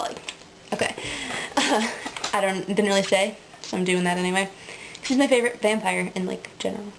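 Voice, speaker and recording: A woman's voice: lowish voice, fairly even intonation, fairly quick, a little hiss or hum, low-quality recording. A woman in a casual, rambling webcam monologue, full of ums and likes, often breaking into giggles. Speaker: vlogger.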